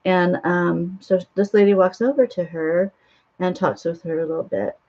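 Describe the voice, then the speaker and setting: A woman's voice: fairly low pitch, fairly even intonation, normal speed. A woman casually retelling a spiritual film in a rambling way, with many ums and restarts. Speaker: spiritual author and host. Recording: dull lo-fi sound.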